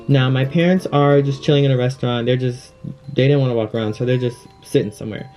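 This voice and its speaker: A young man telling a personal story in a casual, chatty storytime, packed with fillers and animated retelling. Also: mid-range voice, fast, dull audio, faint music behind. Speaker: vlogger.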